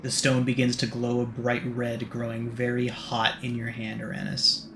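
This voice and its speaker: A male game master narrating and ruling a tabletop game with quick, amused delivery. His voice sits at a middle pitch, and a steady hiss of noise runs under the recording. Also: creaky. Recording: noisy home recording.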